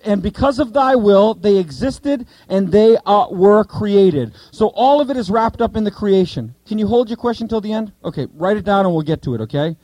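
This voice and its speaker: A man teaching a Bible study to a group, asking the listeners questions and repeating key points slowly. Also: high-pitched, expressive, mellow, dry recording, rough recording.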